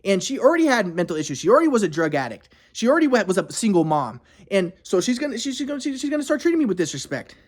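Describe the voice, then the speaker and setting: A man's voice: sits high, big pitch swings, rapid-fire, hardly any pauses. A man telling a personal story in a rambling, emphatic, profane way. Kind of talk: casual storytelling monologue.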